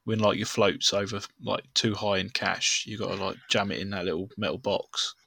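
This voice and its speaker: A man's voice: lowish voice, steady tone, normal speed, creaky, sharp tone, no room sound. A young man, a podcast co-host, telling swearing, self-mocking stories in casual chat. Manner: swearing storyteller, laughs at himself.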